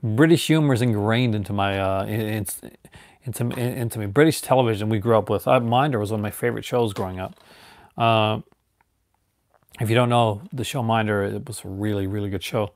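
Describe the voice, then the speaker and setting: A man's voice: fairly low pitch, fairly quick, a little mellow, no room sound, clean studio sound. A man from Newfoundland, Canada, chatting casually on a live stream and rambling through restarts and fillers.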